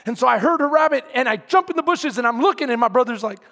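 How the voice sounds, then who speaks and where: A preacher from San Antonio, Texas, telling a story in a sermon to his congregation, animated and often shouting, then quiet and earnest. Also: extremely high pitch, fast. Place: large hall, speaking to a congregation. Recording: long hall reverb.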